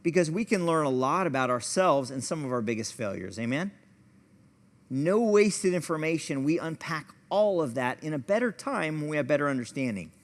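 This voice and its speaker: A man teaches a church class in a fairly high voice, part lesson and part story. He talks in an easy, conversational way and often makes fun of himself. His voice carries a long echo from the hall. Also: expressive, normal speed. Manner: conversational, storytelling, self-deprecating. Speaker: pastor and family therapist teaching a class.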